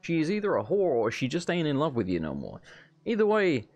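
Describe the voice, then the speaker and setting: A man's voice: fairly high pitch, wildly swooping pitch, brisk, a little mellow. An Englishman with an English accent, giving rambling, jokey let's play commentary over a game and bantering with its characters. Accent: English, self-described as unusual. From England. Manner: rambling, joking, sweary banter. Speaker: gameplay commentator.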